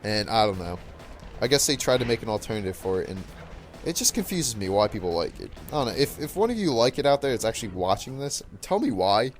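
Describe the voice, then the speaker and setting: A man's voice: fairly low pitch, sing-song, fast talker, faint music behind. A teenage boy ranting casually over gameplay, rambling with lots of fillers and restarts in a puzzled tone. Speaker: gaming channel host.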